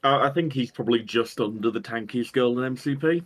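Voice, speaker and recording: A man's voice: medium pitch, brisk, fairly bright tone, slight background noise. A man co-hosting a casual tabletop game discussion, giving dry, understated opinions. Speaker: podcast co-host.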